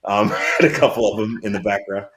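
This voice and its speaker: In a casual interview, a filmmaker in his fifties speaks at normal speed in a fairly low voice. His storytelling is animated and rambling, with lots of restarts.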